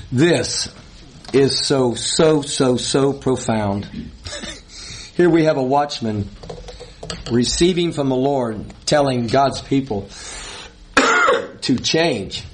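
Emphatic man preaching a sermon. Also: medium pitch. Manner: emphatic, laughs between points, repeats words.

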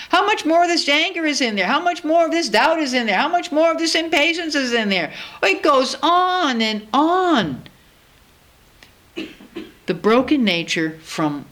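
A woman's voice: mid-range voice, a bit bright. A woman in her sixties preaching a sermon in a church, earnest and personal, acting out her own talks with God. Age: 60s.

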